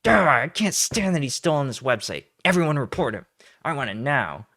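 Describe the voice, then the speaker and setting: A man voicing a whiny, entitled young woman in a shrill, demanding, sarcastic mimicry. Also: very animated, moderate pace, bright, forceful tone, dry recording, clean studio sound. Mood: petulant.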